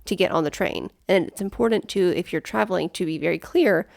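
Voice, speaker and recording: A woman's voice: fairly low pitch, fairly quick, creaky, darkish tone, no echo, clean studio sound. A woman co-hosting a podcast in casual chat, explaining practical points plainly. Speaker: podcast co-host.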